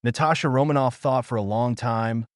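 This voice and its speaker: A man's voice: mid-range voice, moderate pace, no room sound, clean studio sound. A man narrating a fiction audiobook in a scripted, storytelling manner.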